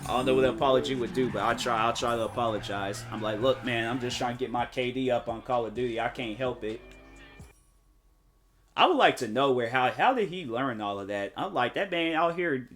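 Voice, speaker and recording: Man, casual streamer chat, animated storytelling, music playing behind, mid pitch. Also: a little fast. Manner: animated storytelling, jumps into high-pitched mock voices.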